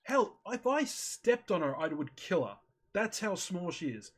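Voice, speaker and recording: Speaking a little slowly in a high-pitched, very animated voice, a male streamer chats casually on voice chat through a headset or desk mic. He retells a video he watched, performing his own reactions as he goes, with slight background noise present.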